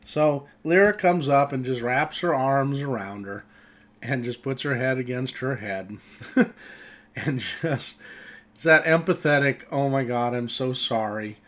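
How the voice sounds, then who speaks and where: A man narrating a tabletop game as its game master, speaking slowly at a mid pitch. He thinks aloud, reads rules, and chuckles along in a relaxed, easygoing way.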